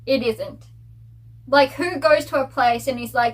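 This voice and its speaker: A woman book vlogger giving a casual spoiler review in an animated, gossipy, ranting manner. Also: high-pitched, unhurried, poor audio.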